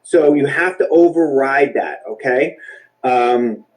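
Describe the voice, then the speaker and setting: A man's voice: medium pitch, slow, low-quality recording. A man leading a breathwork class, giving casual spoken instructions in a reassuring, chatty way with the odd swear word.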